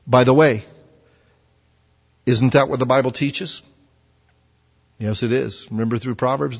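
A man's voice: mid-range voice, normal speed, pauses often. A man preaching a sermon in a conversational way, full of rhetorical questions. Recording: dull sound with long hall reverb.

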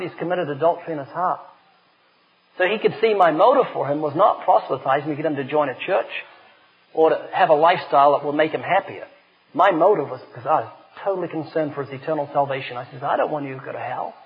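Middle-aged male preacher, high-pitched and lively, on a muffled, lo-fi tape. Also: fast. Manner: animated storyteller, emphatic. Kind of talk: sermon with humorous anecdotes. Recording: dull lo-fi recording.

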